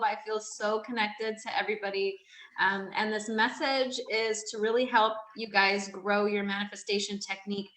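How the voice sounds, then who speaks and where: Chatty upbeat lady hosting an online class, bright voice, echoey room. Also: mid-range voice. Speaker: online masterclass host. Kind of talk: casual live class talk.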